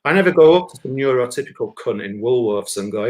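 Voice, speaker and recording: A fast-talking man with a medium-pitched voice, a musician and comedian, chats casually on a live stream. He's blunt and swears a lot, telling animated stories in which he acts out the voices.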